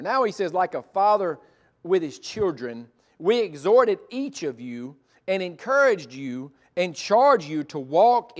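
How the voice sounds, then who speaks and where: A middle-aged male pastor preaching a sermon, moving from loud emphatic passages to soft, intimate ones. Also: fairly high pitch.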